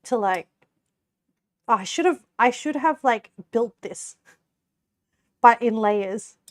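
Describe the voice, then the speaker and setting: On a cooking live stream, a young Australian woman talks casually with her audience, giggling frequently and rambling with many "like" fillers. Slightly high and expressive, she takes her time, recorded in studio quality with no echo.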